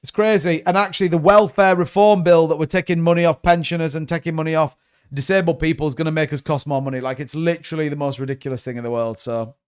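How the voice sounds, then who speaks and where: A man's voice: a little high, fairly even intonation, fast, clear, resonant tone. A man in his thirties, hosting a crypto livestream, talking bluntly and rambling, sometimes swearing. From United Kingdom. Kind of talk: casual livestream chat.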